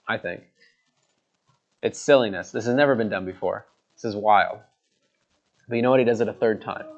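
A man's voice: mid-range voice, highs cut off. A man preaching a sermon, earnest, repeating words for emphasis as he reads and explains scripture.

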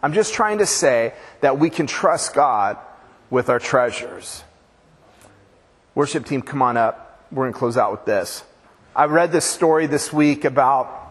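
A man's voice: fairly high pitch, slightly rough. A man preaching a sermon as pastor, casual and joking, with slangy storytelling. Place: church with a long reverb. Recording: church hall reverb.

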